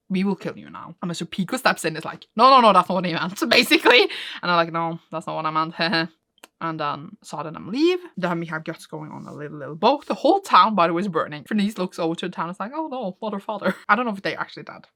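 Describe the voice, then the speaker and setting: A woman casually retelling and reacting to a comic she is reading, excitable and emotional, often laughing and close to tears. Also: low-pitched. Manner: excitable, gushing, laughs often, retells scenes with quoted voices. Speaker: manga reaction vlogger.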